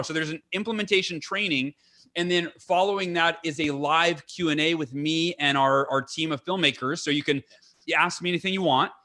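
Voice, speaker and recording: On a podcast as a guest, this man has a bright, rather high voice and an earnest, eager manner. He rushes through his points, full of fillers and restarts, though his overall pace is normal. The conversation is loose and unscripted.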